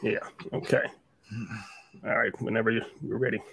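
A man's voice: fairly low pitch, steady tone, normal speed, vocal fry, a bit bright, breathy edge, no echo. A man arguing his side in a heated casual debate, incredulous and repeating himself when fired up.

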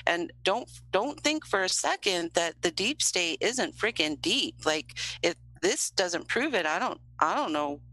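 A woman co-hosting a casual political chat, talking in an emphatic, heated way with quick restarts. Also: fairly low pitch, bright, forceful tone, low-quality recording. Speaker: podcast co-host.

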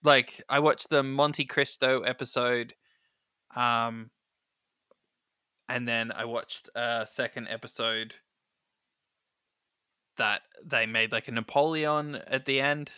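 Speaking at a slow pace with frequent pauses, this podcast co-host has a medium-pitched, steady voice that comes across pushed, bright, and clean. He talks loosely in a casual, chatty way, heavy on fillers and punctuated by amused little laughs. The recording is dry and studio-clean.

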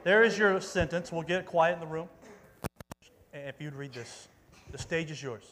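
A man's voice: a little high, moderate pace, noisy background. A man preaching a casual youth sermon as pastor, upbeat and chatty, rallying the audience and calling out for volunteers. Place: church meeting room with an audience. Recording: long reverb of a large hall.

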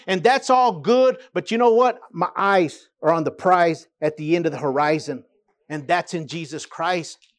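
A man preaching a sermon as pastor, building emphasis and dropping low for quiet asides.

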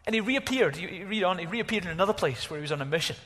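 A man preaching a sermon as pastor, animated, exclaiming at times and dropping to a hush at others. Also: on the high side, racing, big-room sound. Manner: animated, exclaiming, varies from loud to hushed.

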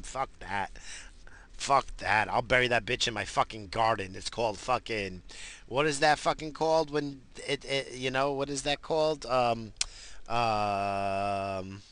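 A man who is high rambles through a profane, slang-heavy comic rant. His voice is gravelly with plenty of fry. The tone is hard-edged and very bright. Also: fairly even intonation, moderate pace. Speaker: commentator.

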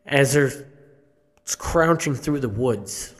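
A man telling a horror story live on a theater stage, slow and halting, with restarts and the odd cough. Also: mid-range voice, lively intonation. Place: theater stage before an audience.

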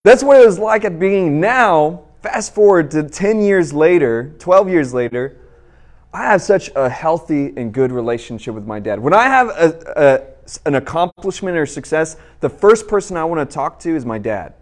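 A man in his thirties preaches a sermon and tells a personal story in an easy, conversational way. He talks straight to the crowd, and his voice sits a little higher than most men's. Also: expressive, moderate pace. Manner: storytelling, conversational, addresses the audience directly.

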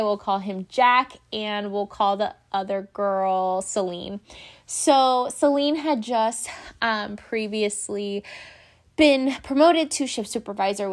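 A young adult woman telling a story in a casual, chatty way, full of fillers like "like" and "um". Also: fairly high pitch. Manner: chatty, animated, many fillers like "like" and "um". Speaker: vlogger.

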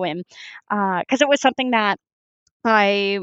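A woman from Houston, Texas, a professional competitive shooter talking as a guest in a casual interview, chatty and animated, with lots of fillers. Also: medium pitch, a little slow, clear, resonant tone, no room sound, muffled recording. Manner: chatty and animated, laughs often, many fillers.

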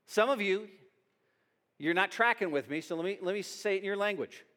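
A man preaching a sermon as pastor, animated, often restarting his words, speaking in a church hall. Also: sits high, brisk.

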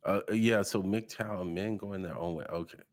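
A man's voice: low voice, fairly even intonation, normal speed, no room sound, studio quality. A man co-hosting a casual podcast, giving short reactions and laughing along. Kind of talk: casual chat.

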